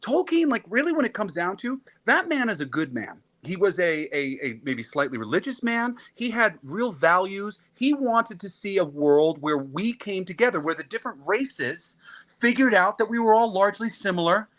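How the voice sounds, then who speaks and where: A man's voice: sits high, sing-song, normal speed, fairly bright tone. A man talking as a panel guest on a video call from outdoors on a mountain, ranting with passion and swearing freely. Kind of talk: casual panel chat.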